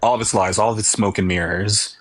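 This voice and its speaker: Man, fairly low voice, casual mocking commentary, profane, dry close sound. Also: fairly even intonation, brisk, no echo.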